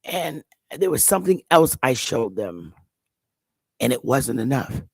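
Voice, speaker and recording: A woman's voice: rumbling low, very animated, measured pace, vocal fry, a little mellow, slightly rough, no echo. Woman telling a story in a dry close voice. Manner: rambling, repeats and restarts words. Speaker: channel host. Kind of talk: casual storytelling monologue.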